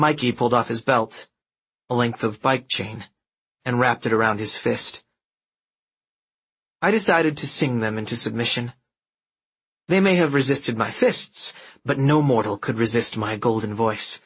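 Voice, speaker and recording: A man's voice: mid-range voice, normal speed, a bit bright, breathy edge. A man reading a first-person story aloud in a wry, dramatic storytelling manner. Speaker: audiobook narrator. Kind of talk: first-person audiobook narration.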